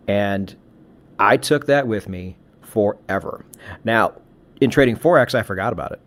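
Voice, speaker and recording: A man's voice: lowish voice, vocal fry. A middle-aged man co-hosting a casual podcast conversation, talking reflectively and giving advice with frequent restarts. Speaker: podcast co-host.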